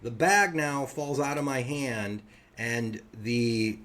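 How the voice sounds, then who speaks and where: A man's voice: medium pitch, takes it slowly, fairly bright tone. A man co-hosting a podcast, telling a funny story in casual chat and acting out the other people's lines. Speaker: podcast co-host.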